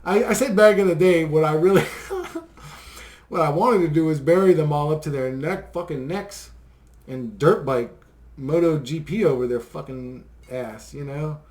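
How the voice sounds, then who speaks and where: Man, slightly high voice, ranting to his viewers; loose, profane, chuckles often. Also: measured pace, a little mellow. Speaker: vlogger. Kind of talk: rambling conspiracy rant to viewers.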